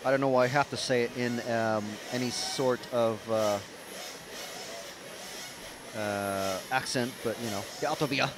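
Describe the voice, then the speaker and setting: A man's voice: mid-range voice, flat delivery, a little slow, long pauses, noisy background. A man giving casual, rambling live race commentary with lots of fillers. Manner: chatty, rambling, with frequent fillers. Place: outdoor racetrack, trackside.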